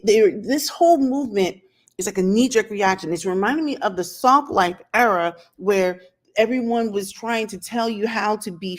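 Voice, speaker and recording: An opinionated woman talks into her camera outdoors in a casual vlog monologue. Her voice sits at an ordinary middle pitch for a woman. She challenges the viewer with pointed rhetorical questions. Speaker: channel host. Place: outdoors in sunlight.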